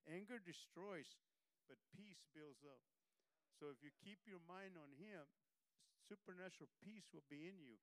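A man's voice: on the high side, no room sound, rough recording. Man preaching, exhorting his listeners. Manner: exhorting, repeatedly asks if listeners are following; conversational with many "you know" fillers. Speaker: pastor. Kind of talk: sermon. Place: church service.

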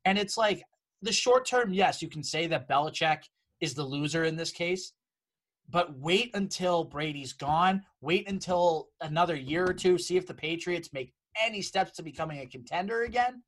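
A sports podcast co-host giving strong opinions in casual chat, tossing off quick dismissive asides. The pitch swings widely, so the delivery sounds animated and lively.

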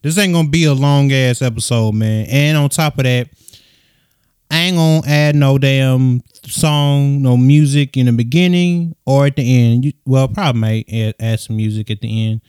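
A young man hosting his own casual solo podcast, talking softly and rambling with slang, swearing and lots of fillers, recorded on a USB microphone into his phone. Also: normal speed, clear, resonant tone, no echo, studio quality. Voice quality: soft, low-key voice. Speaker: podcast host.

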